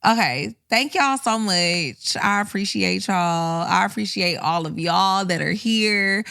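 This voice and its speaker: A woman's voice: medium pitch, measured pace, gravelly, pushed and bright, no echo, studio quality. A woman in her thirties co-hosting a podcast, talking in a loose, colloquial way. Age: 30s. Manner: colloquial, emotional and tearful at surprise. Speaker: podcast co-host. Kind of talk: casual chat.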